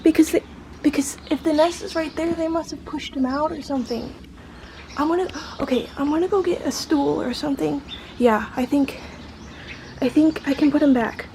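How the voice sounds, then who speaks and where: A flustered, shaky woman records a spontaneous casual vlog on a handheld camera phone outdoors, next to a tree below an apartment, with background noise audible. She speaks at normal speed in a high voice, breathes heavily, repeats herself, and keeps drifting in and out of whispers.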